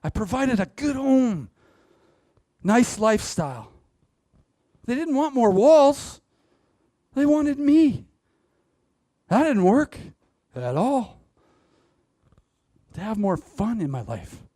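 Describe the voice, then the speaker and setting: A man's voice: very high voice, big pitch swings, slow, long pauses, dark tone, no echo, studio quality. A man giving a motivational stage talk, speaking straight to the audience and laughing at his own jokes. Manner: addresses the audience directly. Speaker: public speaker.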